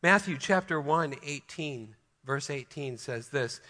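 A man's voice: a little high, animated, pushed and bright. Emphatic male preacher in a reverberant hall. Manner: emphatic, slows down to stress key words. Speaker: pastor. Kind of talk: sermon.

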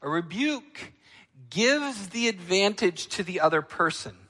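A male pastor preaching a sermon, emphatic, moving between loud, ringing lines and quiet, low ones. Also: expressive, measured pace, in a large hall.

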